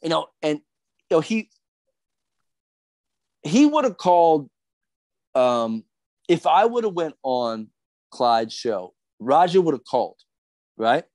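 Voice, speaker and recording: A man's voice: a little high, big pitch swings, takes it slowly, pauses often, a little mellow, no room sound. A middle-aged man from Philadelphia, a podcast guest ranting in a profane, agitated, rambling way with many restarts. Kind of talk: heated podcast rant.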